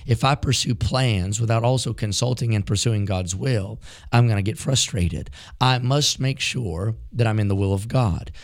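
A man's voice: lowish voice, normal speed, gravelly. A man preaching a sermon from rural mountain country, building fervent rhythmic repetitions.

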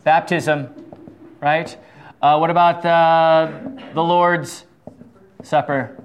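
Speaking extremely slowly in a high, steady voice, with a little hiss or hum on the recording, a middle-aged man leads a casual Bible study. He's talkative, throws out rhetorical questions and frequent "right?", and stammers, restarts, and chuckles often.

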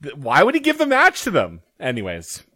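A man's voice: on the high side, wildly swooping pitch, a little fast, bright, forceful tone, slightly rough, dry recording, studio quality. Exasperated young podcast co-host man. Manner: exasperated, sarcastic commentary. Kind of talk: casual podcast chat.

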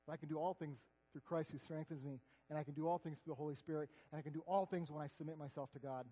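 High-voiced man preaching in a hall. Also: steady tone, fast talker. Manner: earnest, conversational, swings between loud and hushed. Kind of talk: sermon. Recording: long hall reverb.

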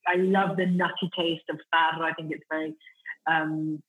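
A woman's voice: deep voice, flat delivery, normal speed, phone-quality sound. A middle-aged woman with an Italian accent, talking enthusiastically as a podcast guest, with lots of fillers and restarts. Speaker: guest, food company founder. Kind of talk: casual podcast interview.

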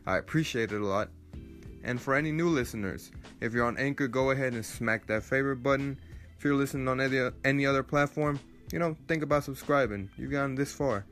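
A man's voice: mid-range voice, fast, faint music behind. A young man hosting his own sports podcast, ranting angrily and swearing, his voice climbing in outrage. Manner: angry ranting, swears, rising to near shouts. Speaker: podcast host. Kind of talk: solo sports rant podcast.

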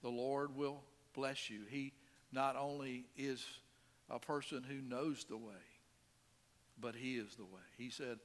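A middle-aged male pastor preaching a sermon in an earnest manner, swinging between quiet asides and emphatic stresses. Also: medium pitch, steady tone, a little slow, long reverb tail.

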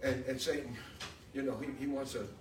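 A man's voice: mid-range voice, steady tone, brisk. A man preaching a sermon with call and response, emphatic and building up to exclamations. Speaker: preacher and podcast host. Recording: echoey room, distant mic, faint noise.

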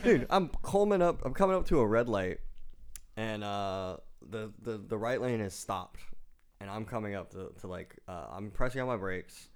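A young man in casual chat, telling a story with lots of swearing and acted-out shouting. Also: lowish voice, moderate pace, clear, resonant tone. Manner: animated storyteller, swears, acts out shouting in quotes.

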